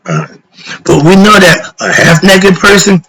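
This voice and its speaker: A middle-aged or older man hosts a philosophy talk, giving a casual spiritual lecture in a high, sing-song, slightly slow voice over background noise. He asks rhetorical questions and answers them himself, drifting into slang and getting worked up.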